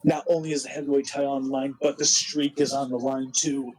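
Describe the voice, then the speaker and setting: A man narrating a wrestling simulation game with an excited play-by-play recap, animated and full of restarts. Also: medium pitch, slightly rough, low-quality recording. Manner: animated, quick, with frequent restarts.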